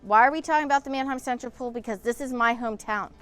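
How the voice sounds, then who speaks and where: A woman's voice: a little high, fast, fairly bright tone, soft background music. A middle-aged woman, hosting a casual vlog outdoors beside an old pool and talking indignantly to camera. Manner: indignant, emotional, ranting. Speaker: vlog host.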